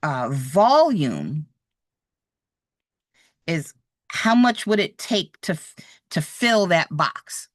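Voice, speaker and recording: A woman's voice: sits low, very animated, very slow, pauses often, no room sound, clean studio sound. A woman teaching real estate exam math in a live online lesson, patient and encouraging as she works problems out aloud. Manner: patient, encouraging, thinks aloud while drawing.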